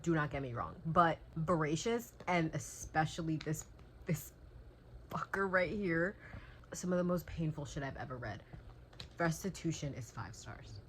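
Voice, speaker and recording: Young woman vlogging at home late at night, low voice, exhausted, emotional and swearing, faint hum in the background. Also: lively intonation, normal speed, rough recording. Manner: emotional, gushing, swears freely. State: worn out and teary. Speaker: book vlogger. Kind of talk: casual vlog chat.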